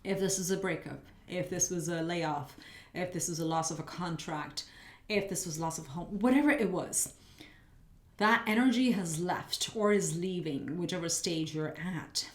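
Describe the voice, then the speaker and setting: A woman with a fairly low voice and normal pace hosts a pick-a-card tarot reading, talking in a chatty, spiritual way and musing aloud while she lays cards. The room is reverberant, and her voice is slightly muffled since she's losing it.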